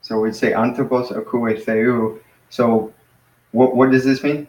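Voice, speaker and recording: A man teaching a small Greek class in a casual way, explaining step by step and patiently, with many pauses and fillers. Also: mid-range voice, level tone, darkish tone. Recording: echoey room.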